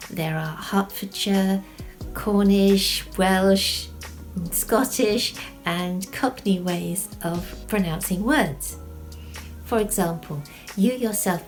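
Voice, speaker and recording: Lower-pitched woman explaining writing. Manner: measured, poses rhetorical questions then answers them. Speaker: author teaching writing. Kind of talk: explanatory video lesson.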